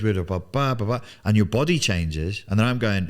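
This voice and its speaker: A man's voice: fairly low pitch, expressive, moderate pace, few pauses. A man in his forties coaching on business in a blunt, emphatic studio monologue, swearing freely and repeating words for emphasis. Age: 40s. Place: television studio.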